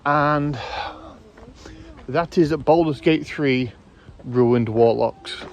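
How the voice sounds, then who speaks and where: A man hosting his own video channel, giving rambling, casual commentary outdoors, correcting himself often and filling pauses with ums. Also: fairly high pitch, slight background noise. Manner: rambling, self-correcting, hesitant fillers. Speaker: YouTube host.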